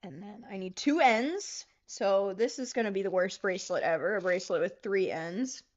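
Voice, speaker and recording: A woman's voice: medium pitch, normal speed, darkish tone, highs cut off. A young woman hosting a casual livestream, giggling often, swearing freely and reading viewer comments aloud as she works on a craft. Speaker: livestream host.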